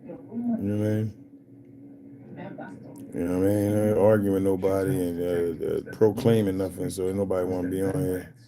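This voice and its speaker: A man's voice: low voice, normal speed, long pauses, crowd noise. A young man from Philadelphia with a Philly accent, rambling casually and talking straight to viewers on his livestream. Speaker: livestream host.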